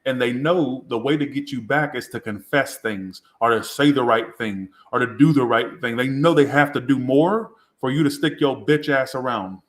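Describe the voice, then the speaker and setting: A tipsy man reads tarot live in a rambling, crude, self-mocking way. His voice sits at an ordinary middle pitch. The sound carries a noticeable room echo. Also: normal speed, hardly any pauses. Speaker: tarot reader. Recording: roomy echo.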